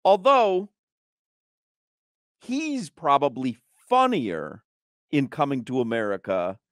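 A man's voice: medium pitch, slow, no room sound. A man hosting a radio show, bantering and teasing his co-hosts in casual studio chat. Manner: animated, teasing, reads aloud. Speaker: radio sports show host.

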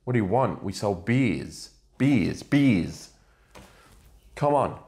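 A man's voice: on the low side, lively intonation, takes it slowly, darkish tone. A man playing a short-tempered male barman who grows exasperated with a pesky customer. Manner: exasperated, scolding.

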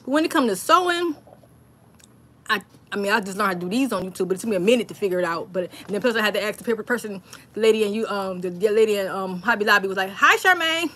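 Chatty excitable woman streaming live. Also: medium pitch, racing. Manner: rambling, excitable, chats with viewers and reads their comments aloud. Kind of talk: casual live stream chat.

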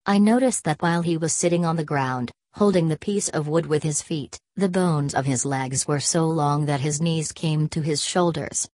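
A woman reading a story aloud as an audiobook narrator, in an even, unhurried way. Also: sits low, no room sound.

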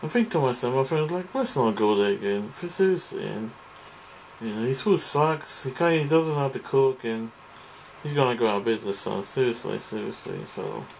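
A man's voice: medium pitch, moderate pace, vocal fry, slight background noise, low-quality recording. Rambling, profane man ranting. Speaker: vlogger. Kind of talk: ranting monologue to camera.

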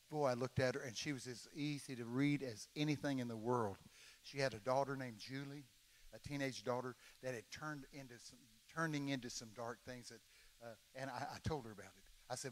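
A man, telling folksy stories in an animated sermon, sometimes shouting quoted lines. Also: mid-range voice. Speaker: guest preacher. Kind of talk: storytelling sermon. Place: large church hall. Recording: long reverb of a large hall.

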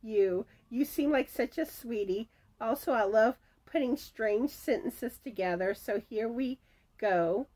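A middle-aged woman who hosts a crochet channel chats at home, reading viewer comments aloud and announcing giveaway winners, laughing often. Her voice is fairly high, unhurried and a little mellow, and a screen door rattles in the wind.

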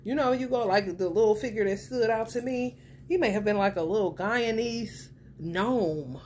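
A woman chatting casually to her viewers as a tarot reader, animated and profane, breaking into excited retellings. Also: normal speed, slight background noise. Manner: animated, profane, swings into excited high-pitched retellings with laughter. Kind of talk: casual spiritual chat to viewers.

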